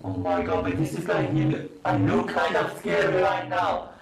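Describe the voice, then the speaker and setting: Man doing a frantic transformed creature: high, gravelly fry, echoey room. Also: very animated, moderate pace, heavily acted. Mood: panicky. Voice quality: distorted, gravelly. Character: panicky young man turned into a game creature. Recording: echoey from far off with crowd noise.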